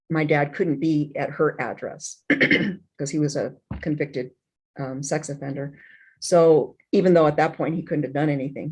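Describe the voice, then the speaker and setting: A middle-aged woman, an interview guest, telling a painful personal story in an emotional, halting way, with many restarts and fillers. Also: low voice, a little mellow, breathy edge.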